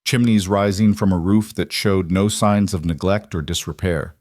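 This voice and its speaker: Male audiobook narrator for a frontier tale, low, measured, dry close mic. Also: no echo. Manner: steady, measured storytelling.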